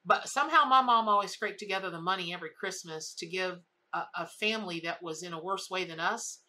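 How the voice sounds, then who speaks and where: A woman's voice: lowish voice, brisk, pushed and bright. A woman tarot reader telling a story in a casual reading, emphatic and full of repetition.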